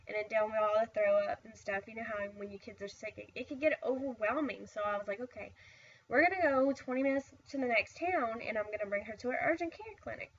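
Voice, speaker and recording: A woman's voice: a little high, fairly bright tone, far from the mic, muffled recording, a little hiss or hum. Tired woman rambling through her story. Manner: tired, rambling, frequent "I was like" asides. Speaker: vlogger. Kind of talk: casual personal storytelling.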